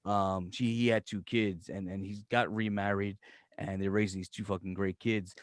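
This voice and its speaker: A man's voice: on the low side, normal speed, no echo. Middle-aged man, Brooklyn accent, podcast co-host, swearing, dry recording. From New York. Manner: animated, profane storyteller who acts out voices. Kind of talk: casual chat. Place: home in Florida.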